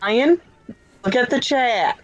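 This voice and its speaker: A woman co-hosting a casual podcast, chiming in with quick, animated remarks and questions. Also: on the high side, muffled recording. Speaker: podcast co-host.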